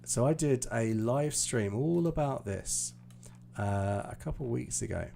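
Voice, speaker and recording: A man's voice: mid-range voice, expressive, measured pace, gravelly, dark tone, slight background noise. A British man teaching pronunciation on a live stream lesson, explaining patiently with many fillers. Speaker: IELTS teacher.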